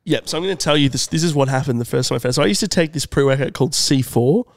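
A young man telling a comedic story on a podcast in an animated, drawn-out way. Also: mid-range voice, no room sound. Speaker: podcast co-host.

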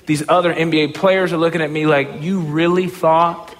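A motivational speaker gives a humorous, self-mocking storytelling talk, frequently breaking into excited shouts. His voice sits on the high side at normal speed, with big-room sound.

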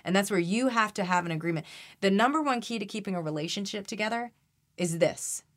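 A woman's voice: mid-range voice, fast, fairly bright tone. A woman guest on a podcast, talking earnestly and animatedly about energy healing, often restarting her sentences. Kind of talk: conversational interview.

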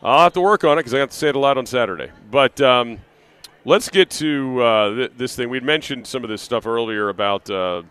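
A man hosting live sports talk radio, broadcasting from an arena. His pitch sits in the ordinary middle range for a man. He chats loosely, circling back on himself with "uh" and "you know.". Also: a little fast, a bit bright, smooth. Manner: conversational, rambling with fillers and restarts.

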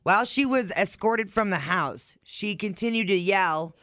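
A man's voice: high voice, unhurried, pushed and bright, slight background noise. A man co-hosting a morning radio show, brash and sassy as he reads out odd news stories. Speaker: radio co-host. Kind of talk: casual morning radio banter.

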